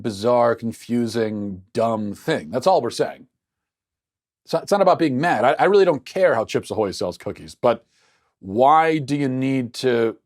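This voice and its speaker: A man hosting a political commentary show, talking in an incredulous, argumentative, sarcastic way. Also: medium pitch.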